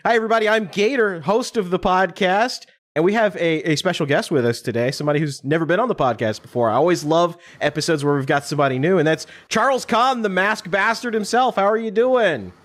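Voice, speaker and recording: A man hosting a podcast in casual chat, telling stories in a relaxed, rambling way. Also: sits high, fairly quick, hardly any pauses. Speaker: podcast host.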